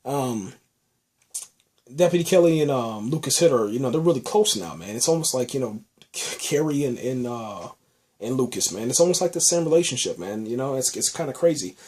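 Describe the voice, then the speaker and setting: Recapping a TV episode on his podcast, a man speaks a little fast in a medium-pitched voice with a breathy edge. Loose and excitable, he loves the show and drops "man" and "you know" all the time.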